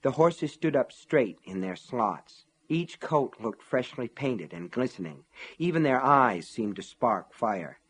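A man reads an audiobook in a measured, steady voice. His tone is husky and sits at a middle pitch. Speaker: audiobook narrator. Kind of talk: scripted audiobook narration.

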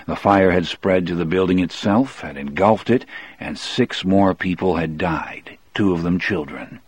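Low-voiced man narrating an audiobook. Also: a little slow, slightly rough, dry recording. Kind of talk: first-person novel narration.

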